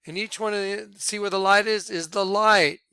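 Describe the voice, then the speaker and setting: An excitable ministry leader presents on screen, giving screen-share commentary in a bright, clear, high voice at normal speed with no echo. He repeats himself and points things out to viewers.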